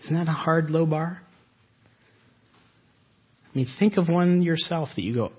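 A man's voice: fairly high pitch, a little slow, long pauses, husky. A man preaching a sermon in a conversational way, often asking his listeners rhetorical questions. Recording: dull lo-fi recording.

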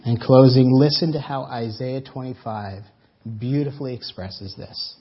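Husky pastor preaching, lo-fi. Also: male voice, mid-range voice, a little slow. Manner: emphatic preaching with sudden loud and soft swings. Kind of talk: sermon. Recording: dull lo-fi church audio.

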